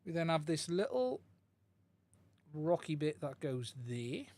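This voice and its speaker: A man with a high, sing-song voice and a darkish tone takes his time speaking. During a live stream he repairs a radio controller at his workbench, reasoning aloud and chatting with his viewers. He talks into a desk mic and swaps mics during the stream.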